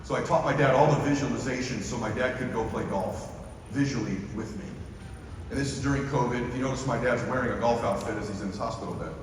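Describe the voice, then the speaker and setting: A middle-aged man gives a motivational stage speech to a live audience, driving his points home by repeating key phrases. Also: on the low side. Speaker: motivational speaker. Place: large hall with a live audience. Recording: echoey hall, from far off, with ambient noise.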